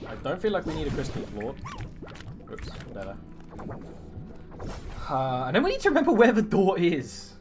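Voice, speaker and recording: A game streamer with a medium-pitched voice chats casually while playing, speaking at a moderate pace and pausing often. He's animated and chatty, joking around and trying out silly accents, with music playing in the background.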